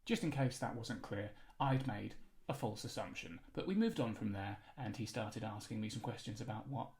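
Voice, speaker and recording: Dry, deadpan man narrating. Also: on the low side, normal speed, slight background noise. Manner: dry, mock-apologetic deadpan. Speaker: comedian narrator.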